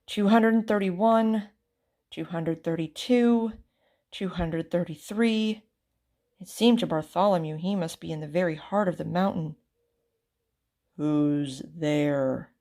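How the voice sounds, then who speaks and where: A woman reading a children's storybook aloud with expressive, theatrical narration. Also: on the low side, unhurried. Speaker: storybook reader.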